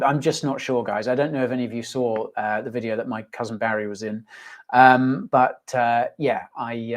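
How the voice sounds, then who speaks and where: A man hosts a casual livestream in an easygoing, jokey way. He rambles, restarts sentences and fills pauses with ums. He pokes fun at himself as he chats with viewers. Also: mid-range voice. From United Kingdom. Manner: chatty, rambling, with many fillers and restarts; jokey, self-mocking, reading viewer comments aloud. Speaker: host.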